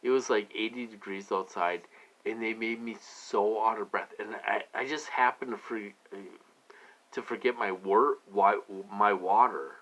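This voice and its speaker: A man's voice: fairly low pitch, steady tone, measured pace, fairly bright tone, highs cut off. A man talking loosely to his viewers in a rambling personal monologue, repeating himself and filling gaps with "you know.". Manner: loose, repetitive, heavy with fillers. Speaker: vlogger.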